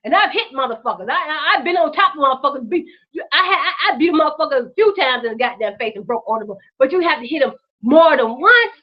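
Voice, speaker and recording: A woman with a high voice delivers heated commentary on her own show. She swears freely and fires off rhetorical questions. The recording is dull and lo-fi. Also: lively intonation, fast talker, few pauses. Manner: fiery, profane, rhetorical questions. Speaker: host. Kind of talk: impassioned commentary vlog.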